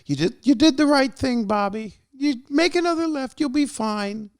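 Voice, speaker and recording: A man voicing a doting older Jewish mother who gently reassures her son. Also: very high voice, expressive, moderate pace, clean tone, no room sound, clean studio sound, voice pushed up. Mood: reassuring. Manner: soft, fussing, reassuring.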